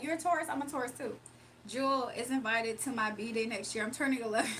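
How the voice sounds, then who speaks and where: A woman's voice: sits high, brisk, fairly bright tone, a little hiss or hum. A young woman livestreamer chatting casually and reading her chat aloud, sarcastic and playful, laughing often.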